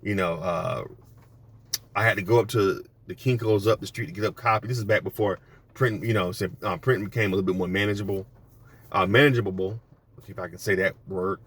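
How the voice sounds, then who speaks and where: A man's voice: deep voice, fairly even intonation, a little fast, fairly bright tone, slightly rough. Blunt, profane man telling stories. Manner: blunt, profane, rambling with restarts. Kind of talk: casual storytelling monologue.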